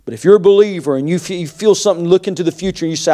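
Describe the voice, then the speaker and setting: A middle-aged male pastor preaching a sermon, moving between quiet confiding asides and shouted, climbing exhortation. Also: sits high, fairly quick, hardly any pauses.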